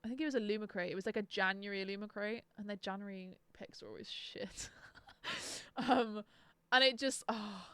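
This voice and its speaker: A woman's voice: mid-range voice, fairly quick, bright, forceful tone, clean tone, no echo. A young woman chatting casually on a live stream, sarcastic and swearing freely. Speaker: book streamer.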